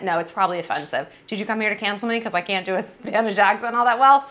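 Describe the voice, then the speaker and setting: A woman's voice: mid-range voice, animated, fast talker, few pauses, a bit bright, soft background music. A woman in her thirties talking to camera in a casual travel vlog, brash, playful and blunt, with frequent swearing. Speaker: travel vlogger.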